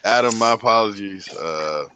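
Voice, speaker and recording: A man's voice: fairly low pitch, normal speed, rough recording. Profane, rambling man telling stories. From United States. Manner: profane, rambling, animated storytelling. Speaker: livestream host. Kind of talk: casual group chat storytelling.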